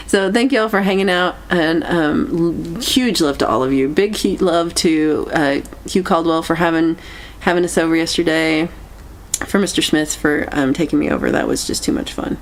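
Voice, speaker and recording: A woman hosting a casual livestream chat, meandering and halting as she reacts to viewer comments. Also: sits low. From United States. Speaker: livestream host.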